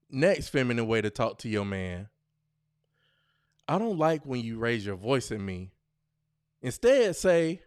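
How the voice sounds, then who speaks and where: A man hosting his own podcast speaks in at a slow, unhurried pace. His pitch swings widely as he jokes and reads lines aloud in mock voices. The sound is dry, with no room echo. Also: clean tone. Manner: loose, joking, reads lines off a screen with animated mock voices. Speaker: podcast host. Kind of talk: casual solo podcast chat.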